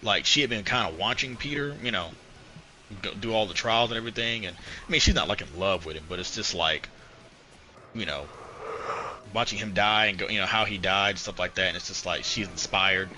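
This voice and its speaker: A man's voice: on the low side, fairly quick, sharp tone, slight background noise, rough recording. A man co-hosting a casual podcast, retelling comic book plots in a rambling way, with a lot of "you know" and swearing. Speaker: podcast co-host.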